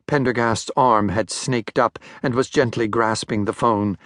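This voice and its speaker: An older man narrating a thriller audiobook in a measured, wry manner, close to a studio mic. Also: mid-range voice, fairly bright tone, no room sound. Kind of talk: scripted narration.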